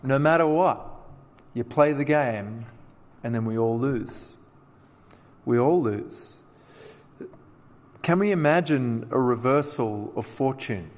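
A man preaching a sermon, telling personal stories with animated, self-deprecating asides. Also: medium pitch, slow, long pauses, in a large hall. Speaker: pastor.

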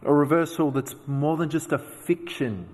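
A man preaching a sermon, telling personal stories with animated, self-deprecating asides. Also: a little high, moderate pace, long reverb tail. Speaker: pastor.

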